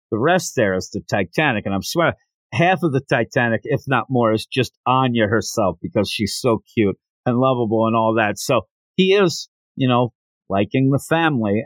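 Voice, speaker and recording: A man's voice: mid-range voice, no echo. A man hosting a podcast, talking through a manga with enthusiasm and frequent laughs. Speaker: podcast host. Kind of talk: casual manga discussion.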